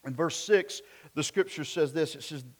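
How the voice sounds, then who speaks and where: A man preaching a sermon, switching between loud emphatic lines and quiet asides, and putting rhetorical questions to the congregation. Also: on the high side, moderate pace. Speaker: pastor.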